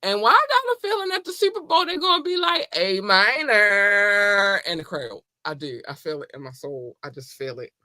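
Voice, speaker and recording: A woman's voice: medium pitch, very animated, a little fast, hardly any pauses, bright, forceful tone, no echo, clean studio sound. A woman hosting her podcast in a casual monologue, effusive and playful, often laughing. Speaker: podcast host.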